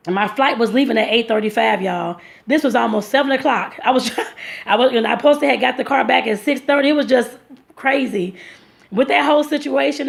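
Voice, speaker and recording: A woman vlogger tells a long personal story in a loose, rambling way, calling her viewers y'all. Her voice sits a little high and carries heavy vocal fry. She circles back with fillers and restarts as she talks. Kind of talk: casual storytelling vlog.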